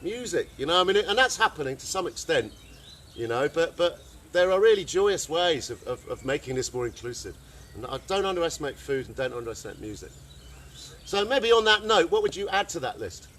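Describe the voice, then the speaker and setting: Animated man talking outdoors. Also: a little high, a little fast, slight background noise. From England. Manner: animated, slangy, says man and dude a lot. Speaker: workshop speaker. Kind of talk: informal talk to a group. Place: outdoor gathering in the countryside.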